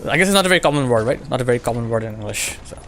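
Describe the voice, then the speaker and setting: A man streams a game and chats with his viewers. His voice sits at an ordinary middle pitch. He rambles, repeats phrases and fills the gaps with filler words. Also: lively intonation, rapid-fire, a bit bright, slight background noise. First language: French. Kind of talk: casual stream chat with viewers.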